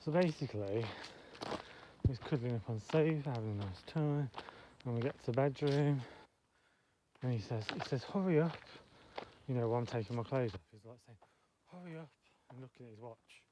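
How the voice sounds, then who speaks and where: A man's voice: mid-range voice, fairly quick, background noise. A man chatting in a rambling, self-interrupting way as he walks up a hill, out of breath. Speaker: vlogger. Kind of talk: rambling personal chat. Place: outdoors, walking up a hill.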